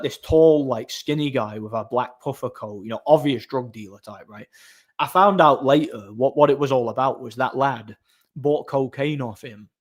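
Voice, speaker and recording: A man, casually telling a story as host of his own channel, repeating words and using many fillers. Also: medium pitch.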